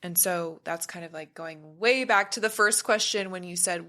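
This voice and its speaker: A lowish, bright, pushed voice at normal speed belongs to a woman guesting on a podcast as a spiritual practitioner. In casual conversation she drifts and gropes for ideas, at times illustrating a point with a buzzing sound.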